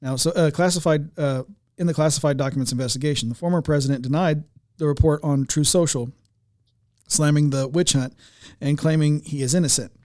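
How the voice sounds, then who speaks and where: A man from the United States hosting a podcast, talking and reading news articles in a halting way with many fillers. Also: fairly high pitch, steady tone, a little mellow, no echo, clean studio sound. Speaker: podcast host. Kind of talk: casual political talk, reading articles.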